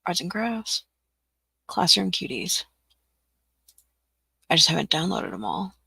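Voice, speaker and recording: A woman's voice: fairly low pitch, animated, slow pace, creaky, bright, forceful tone, slightly rough, no room sound. A young adult woman hosting a casual live-stream tutorial, chatting to herself as she works, joking at her own expense and laughing often. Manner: chatty, self-mocking, talks to herself while working, laughs often. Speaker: teacher-resource creator hosting a live stream.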